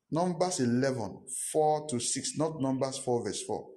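A man's voice: medium pitch, expressive, unhurried, hardly any pauses, dark tone. A pastor preaching a sermon, emphatic and repetitive, with rhetorical questions to his congregation.

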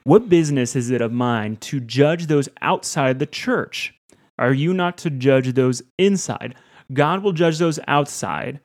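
A man's voice: mid-range voice, unhurried. A man co-hosting a Bible discussion, reading the passage aloud steadily and adding short reactions. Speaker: co-host reading scripture. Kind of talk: reading scripture aloud and chatting.

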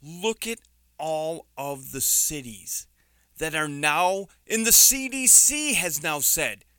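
A man's voice: a little high, expressive, takes it slowly, bright, forceful tone, smooth, no room sound, studio quality. A man with a New York accent giving an indignant, sarcastic opinion commentary, stressing his words hard.

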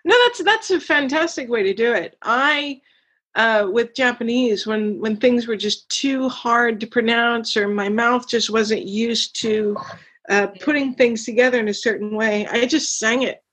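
A woman hosting a casual chat, curious and relaxed, asking questions. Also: fairly high pitch, measured pace, slightly rough.

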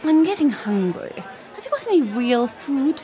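A woman's voice: high-pitched, big pitch swings, normal speed, warm tone. A woman playing an impatient, grumpy diner who snaps and complains. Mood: snappy. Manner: snappy, complaining.

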